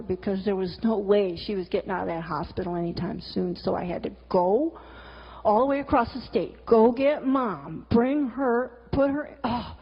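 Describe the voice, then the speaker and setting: A middle-aged woman with a high voice tells stories in a blunt, candid way, swearing freely and breaking in with exasperated asides. The recording is dull and lo-fi, and her voice rings with the long reverb of a large hall. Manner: vivid storyteller, exasperated asides. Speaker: cartoonist and teacher giving a talk. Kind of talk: candid storytelling talk with slides.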